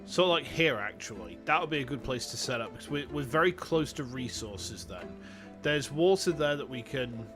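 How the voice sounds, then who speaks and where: Man, Yorkshire accent, young adult, casual game streamer, rambling chat, animated pitch, faint music behind. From Yorkshire, England. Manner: chatty, rambling, talks to chat. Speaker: VTuber streamer. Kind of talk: casual live game commentary.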